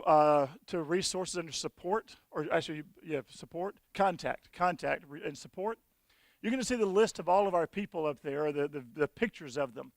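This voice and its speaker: A man's voice: high voice, vocal fry, dry recording. A man giving a folksy, conversational sales presentation to an audience at a conference session.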